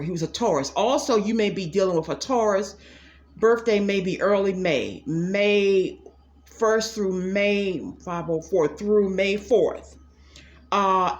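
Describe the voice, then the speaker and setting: A middle-aged woman doing a casual psychic reading for her viewers. She is blunt and sassy and keeps calling them "y'all". Her voice sits at an ordinary middle pitch. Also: slow. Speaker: psychic tarot reader. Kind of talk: casual direct-to-camera reading.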